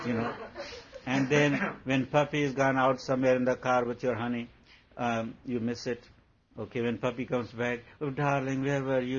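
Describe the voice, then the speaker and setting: A man, a spiritual teacher talking to followers in a playful, laughing way, acting out everyday scenes. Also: medium pitch. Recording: dull lo-fi recording, faint background hum.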